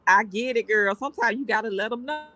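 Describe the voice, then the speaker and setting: A woman's voice: on the high side, fast, very noisy. A woman from Georgia calling into a livestream chat as a guest, teasing and gossipy. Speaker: call-in guest.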